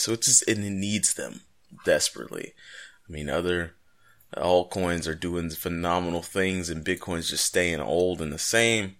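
Man, very low voice, playful rambling co-host, casual podcast chat. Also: fairly bright tone. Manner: jokey, rambling, playful asides.

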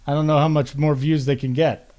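Animated, higher-voiced male podcast host. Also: fairly quick. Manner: animated, joking storyteller. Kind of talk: casual podcast chat.

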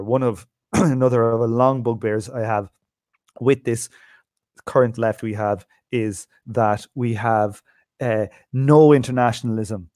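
A man's voice: mid-range voice, a little mellow, no echo, clean studio sound. An Irish man co-hosting a podcast, swearing freely and spinning anecdotes in casual chat. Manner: profane anecdotal storyteller. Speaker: podcast co-host.

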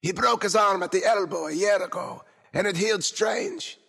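A man narrating a dark first-person tale in a measured, somber way. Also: high voice, vocal fry, husky. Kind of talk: scripted first-person storytelling.

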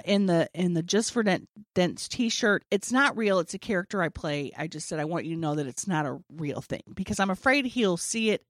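Woman in her forties, animated storyteller. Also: lowish voice, no echo, clean studio sound. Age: 40s. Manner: animated storyteller, acts out quotes, laughs often. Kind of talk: casual storytelling chat.

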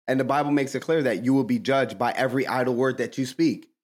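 A man co-hosting a faith podcast, preaching forcefully and driving points home through repetition. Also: mid-range voice, steady tone, quick pace. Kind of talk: preaching-style faith talk.

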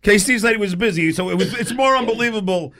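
A man's voice: high-pitched, fast, pushed and bright. A man guest on a radio show, telling a story with stammers, laughs and swearing, acting out the people in it. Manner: stammering, laughing, swearing, acts out other voices. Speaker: guest comedian. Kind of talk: telling an anecdote.

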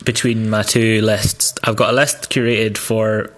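A young man co-hosting a casual film podcast, speaking in a dry, deliberate, needling way. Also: fairly low pitch, flat delivery, fairly bright tone. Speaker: podcast co-host. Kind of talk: casual chat.

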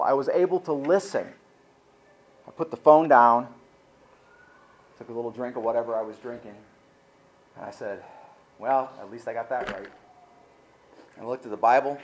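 A man's voice: a little high, rough recording. A middle-aged male pastor preaching a sermon, telling a personal story and acting out his own side of the conversation. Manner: animated storytelling preacher, acts out his own inner dialogue.

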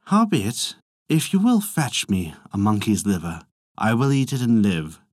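A man's voice: on the low side, sing-song, a little slow, dry recording, studio quality. A man voicing a frail, sickly young dragon queen in a storybook tale, speaking weakly and mournfully.

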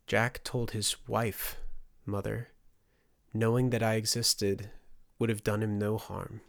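A man voicing a bitter, angry young man in an audiobook, keeping his voice low and level. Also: little pitch movement, takes it slowly, vocal fry, dry recording, studio quality. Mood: cold.

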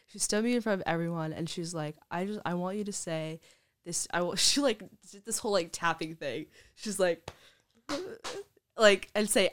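A woman's voice: medium pitch, normal speed, fairly bright tone, smooth, dry recording, studio quality. A young woman telling her story as a podcast guest, chatty, saying "like" a lot and laughing often. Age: young adult. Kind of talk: casual storytelling interview.

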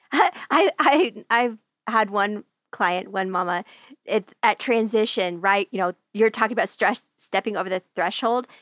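A woman hosting an interview, chatting casually and laughing often as she tells quick stories. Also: medium pitch, fairly bright tone, dry recording, studio quality. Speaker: podcast host.

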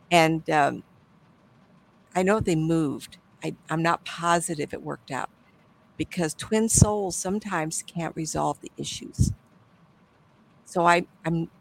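Woman medium, middle-aged, rambling storyteller with a gravelly edge and self-corrections. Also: deep voice, poor audio. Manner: rambling, self-correcting, drifting between asides. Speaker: psychic medium, guest. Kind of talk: storytelling in an interview.

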